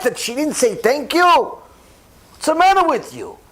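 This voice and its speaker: A rabbi giving a sermon, telling stories with emphatic repetition and animated delivery. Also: male voice, extremely high pitch, unhurried. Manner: repeats phrases for emphasis.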